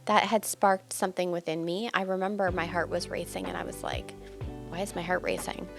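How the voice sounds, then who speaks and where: Middle-aged woman, confessional vlogger, gravelly edge, faint music under her voice. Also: on the low side, fairly even intonation, fairly quick. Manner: candid, emotional, many filler words. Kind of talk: personal confessional storytelling.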